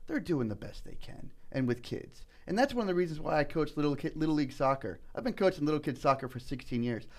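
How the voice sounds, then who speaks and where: A middle-aged man telling personal stories in a casual podcast chat, earnest and animated, often saying "man" and "you know". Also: fairly high pitch. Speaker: political candidate guest.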